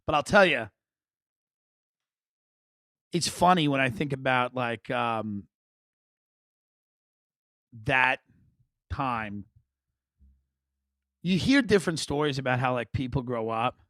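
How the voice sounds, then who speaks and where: A man hosting a podcast, telling comic stories in a rambling, wry, animated way. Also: medium pitch, takes it slowly, long pauses, no echo, clean studio sound. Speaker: podcast host. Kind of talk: comic storytelling monologue.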